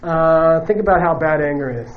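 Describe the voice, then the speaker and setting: Man, Buddhist teacher, high voice, conversational lecture, frequent "okay?", joking, muffled lo-fi recording. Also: normal speed. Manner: conversational, keeps checking in with "okay?" and "you know"; joking, emphatic asides. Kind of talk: dharma teaching to a live audience.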